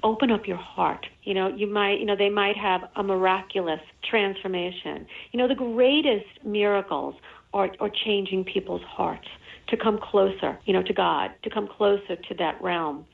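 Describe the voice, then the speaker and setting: A woman's voice: mid-range voice, normal speed, gravelly. A woman, a spiritual author, speaking as a guest in an earnest manner, often saying "you know" and repeating herself. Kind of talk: radio interview over the phone. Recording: tinny phone line.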